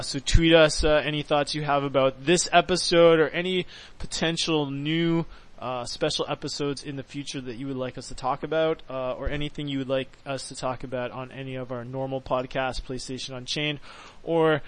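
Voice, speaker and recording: A man's voice: mid-range voice, fairly even intonation, a bit bright, low-quality recording. A man hosting a podcast, chatting casually and joking, then signing off with contact details. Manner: upbeat, joking, drawn-out sign-off. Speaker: podcast host.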